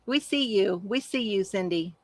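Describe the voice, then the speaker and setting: A woman's voice: mid-range voice, expressive, normal speed, darkish tone, no echo. A woman hosting a casual crafting livestream, chatty and gushing as she answers viewer comments from home.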